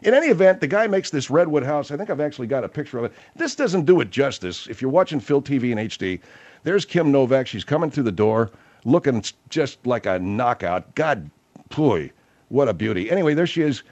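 A man's voice: mid-range voice, sing-song, fairly quick, a little mellow, dull audio. Blustery, exasperated radio host man. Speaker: radio talk show host. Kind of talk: comedic radio talk.

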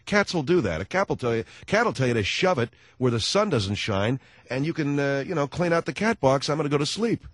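A man's voice: medium pitch, very animated, brisk, few pauses, no room sound. A man hosting a radio talk show, telling a sardonic comic rant in a studio. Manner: sardonic, ranting storyteller. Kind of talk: comedic radio monologue.

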